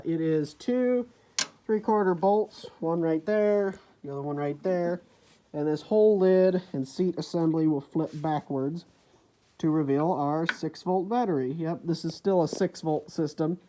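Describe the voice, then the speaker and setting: A man with a warm, somewhat high voice speaks unhurriedly in a phone vlog about fixing an old tractor, shot in a farm building. The mask over his face muffles the sound, and there's a little hiss or hum; he meanders, correcting himself and trailing into uncertain asides.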